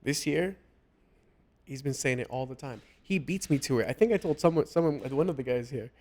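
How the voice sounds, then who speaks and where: A man hosting a casual podcast chat, talking earnestly and haltingly with many restarts. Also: medium pitch, darkish tone. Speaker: podcast host.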